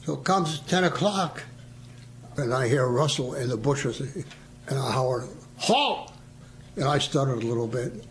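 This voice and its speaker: Reminiscing in a relaxed way, this older man tells stories from his past as a veteran interviewee, imitating what others said and chuckling along. He has a mid-range voice at a moderate pace, with slight background noise.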